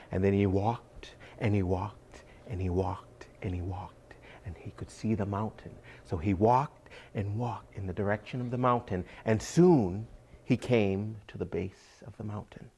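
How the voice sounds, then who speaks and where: A man's voice: on the low side, creaky, dark tone, a little hiss or hum. A man telling a folk tale to listeners, drawing out phrases, repeating words and dropping to whispers. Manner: drawn-out, repetitive, dips into whispers. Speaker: storyteller.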